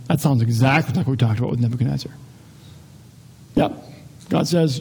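Husky-voiced man teaching the Bible. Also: medium pitch, a little fast, long pauses. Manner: conversational, animated, rhetorical asides. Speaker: pastor.

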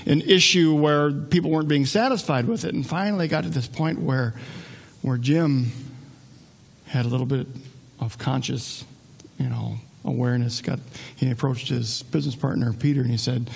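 A man's voice: mid-range voice, steady tone, a little fast, creaky. A man preaching a sermon as a pastor, conversational and joking, often restarting his sentences.

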